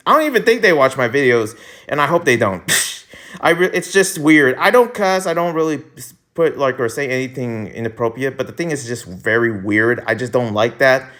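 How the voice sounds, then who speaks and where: A young man hosting a casual commentary vlog, rambling and laughing, with sudden jumps in pitch. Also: lively intonation, a little fast, a bit bright. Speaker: YouTuber host.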